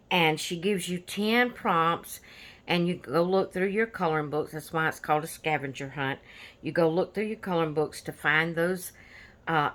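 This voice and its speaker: A woman's voice: lowish voice, fairly bright tone. A woman hosting a coloring channel, chatting casually about her finished pages in an easygoing, rambling way with lots of fillers.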